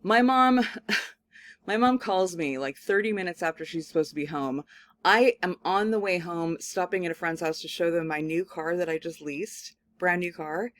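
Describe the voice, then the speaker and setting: A woman professor giving a lecture, telling a personal story in a casual, animated way with many filler words. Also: fairly low pitch, moderate pace, no echo. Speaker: communication studies professor. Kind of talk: recorded lecture with personal anecdote.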